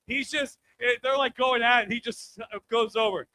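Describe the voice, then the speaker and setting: Loud, high-voiced brash man on stage. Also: fairly even intonation, normal speed, slight background noise. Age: 30s. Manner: loud and brash, bursts into shouts to hype the crowd. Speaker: stand-up comedian. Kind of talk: live stand-up set with crowd work. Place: comedy club stage.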